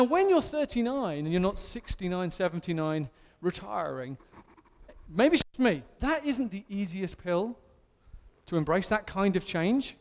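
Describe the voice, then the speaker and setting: High-voiced English preacher in a hall. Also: male voice, unhurried. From England. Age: 30s. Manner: animated, self-mocking storytelling. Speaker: pastor. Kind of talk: sermon.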